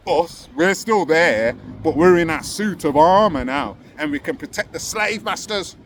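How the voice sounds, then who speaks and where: Impassioned man with a higher voice. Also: expressive, a little slow, a little hiss or hum. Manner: impassioned, rhetorical questions to viewers. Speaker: host of commentary channel. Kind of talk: casual commentary monologue.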